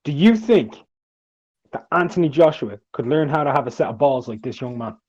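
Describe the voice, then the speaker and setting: A man's voice: on the high side, animated, moderate pace, darkish tone, dull audio, slight background noise. A man playing a ringside interviewer, asking pointed, provocative questions after a mock fight.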